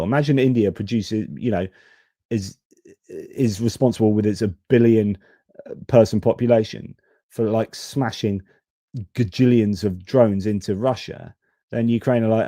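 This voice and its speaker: A man hosts a live-stream news commentary in a frank, exasperated way, swearing casually. His voice is mellow and warm, and it sounds dry and close. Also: fairly low pitch, normal speed, dry recording. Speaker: host.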